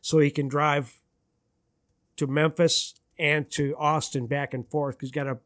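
A musician guest from the Detroit area, a man with a fairly high, somewhat bright voice, tells rambling anecdotes in casual chat at an unhurried pace and with flat delivery. He acts out quotes and laughs at himself. The studio-quality recording has no room sound.

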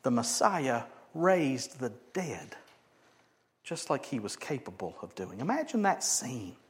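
A man preaching a sermon, acting out quotes loudly and then dropping to quiet asides. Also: medium pitch, a little slow. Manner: animated, swings from loud acted-out quotes to quiet asides. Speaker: pastor.

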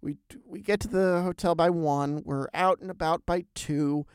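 A man hosting a podcast, telling a travel story in a lively, animated way with big swings in pitch and loudness. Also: moderate pace, clear, resonant tone, dry recording, clean studio sound. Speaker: podcast host. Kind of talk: casual storytelling chat.

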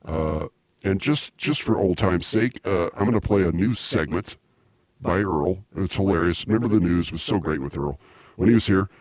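A man hosting a comedy podcast, rambling excitably with many restarts. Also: sits low, normal speed, dry recording. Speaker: podcast host.

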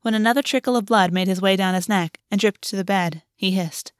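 A woman reading a fan fiction story aloud in a steady, even narration. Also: mid-range voice, brisk, no room sound, clean studio sound. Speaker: audiobook reader.

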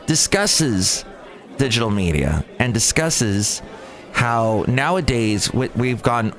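A man hosting a rambling solo podcast, with a voice that swoops up and down as he talks. He sounds animated and exasperated and keeps going off on tangents, recording outdoors near a cafe. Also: medium pitch, takes it slowly, some chatter behind. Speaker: podcast host.

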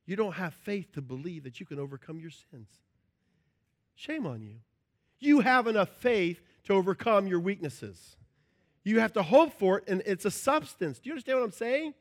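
High-voiced, animated preaching man. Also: moderate pace. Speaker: pastor. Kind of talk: sermon.

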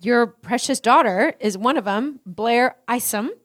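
High-voiced chatty woman podcaster. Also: measured pace. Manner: chatty, enthusiastic, laughs easily. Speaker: podcast co-host. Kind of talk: casual chat.

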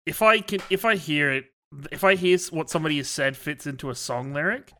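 A man's voice: a little high, animated, fairly quick, bright, forceful tone. A young Australian man with an Australian accent, earnestly explaining his work frustrations on a podcast panel. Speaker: IT service desk worker on a podcast panel. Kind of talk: casual roundtable chat.

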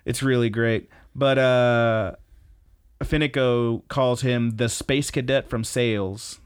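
Male podcast co-host, casual and profane, an animated storyteller. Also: mid-range voice, slow, clear, resonant tone. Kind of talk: casual chat recapping an anime.

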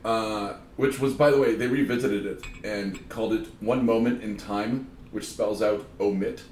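A man co-hosting a casual podcast chat, rambling and breaking into loud excited outbursts, recorded in a room at home. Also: fairly low pitch, normal speed, slight background noise. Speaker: podcast co-host. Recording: echoey room, mic at a distance.

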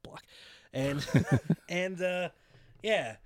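Animated man on a wrestling podcast. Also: brisk, no room sound, clean studio sound. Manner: animated, acts out quotes in high mocking voices. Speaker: podcast co-host. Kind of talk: casual wrestling chat.

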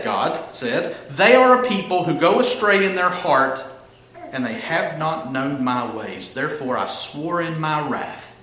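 A man preaching a sermon as pastor, reading scripture aloud and explaining it in an animated, conversational way with asides to the congregation. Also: on the high side, measured pace. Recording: echoey hall with faint noise.

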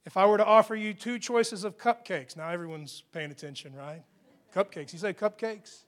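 A man preaching a conversational sermon, moving between rising emphatic peaks and hushed, quieter asides. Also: sits high, normal speed. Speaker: pastor. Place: church hall.

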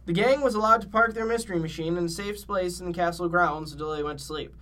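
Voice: medium pitch, fast talker, fairly bright tone, far from the mic. A reader casually reading a fan story aloud, joking between passages. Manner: joking, breaks off to banter.

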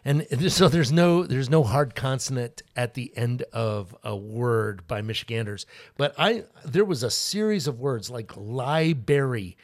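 Halting, thoughtful male co-host. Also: medium pitch, animated. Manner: thoughtful, halting, lots of fillers and wry asides. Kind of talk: casual podcast chat.

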